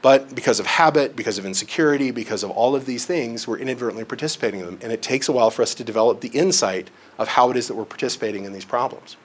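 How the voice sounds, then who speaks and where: A man's voice: medium pitch, racing, hardly any pauses. Man, presenter, conference room talk, conversational, check-in questions, self-deprecating humor. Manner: conversational, often checks in with "right?"; uses homely examples and self-deprecating humor. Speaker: presenter on relationships and counseling. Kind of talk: live lecture presentation.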